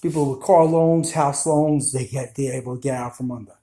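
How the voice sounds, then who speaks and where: A man's voice: medium pitch, steady tone, fairly quick, dark tone, roomy sound, rough recording. A man with a New York Italian accent, ranting to viewers in blunt, scolding commentary. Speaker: video commentator.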